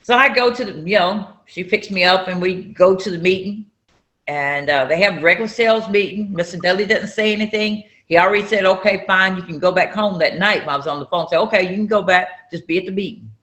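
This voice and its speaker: A woman from North Carolina, telling a personal story in an interview and acting out the dialogue with loud outbursts. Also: mid-range voice, brisk. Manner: acts out dialogue with sudden loud raised outbursts. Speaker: interview guest, entrepreneur.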